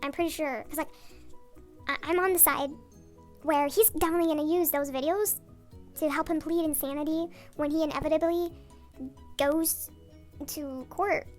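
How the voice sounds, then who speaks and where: Sped-up high-pitched ranting woman. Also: fairly even intonation, moderate pace, long pauses, soft background music. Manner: rambling, sarcastic, off-topic, with swearing and mock outrage. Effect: voice digitally sped up and pitched up. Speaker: YouTuber. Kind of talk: late-night rant vlog. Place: home bathroom at night.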